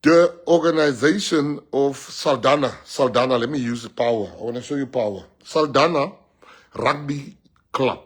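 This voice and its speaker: A man's voice: mid-range voice, normal speed, slightly rough. A man with a South African accent giving a rousing, joking political speech and switching languages.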